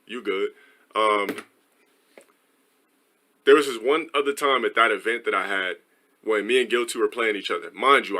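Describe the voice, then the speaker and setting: A man streamer telling a story in a rambling, profane, animated way. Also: fairly low pitch.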